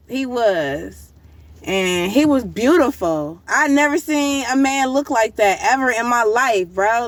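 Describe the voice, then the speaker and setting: A woman casually telling a vivid dream story, excited and full of slang and fillers. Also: mid-range voice, dry recording. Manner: excited, animated slang-heavy retelling with many fillers. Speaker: vlogger recounting a dream.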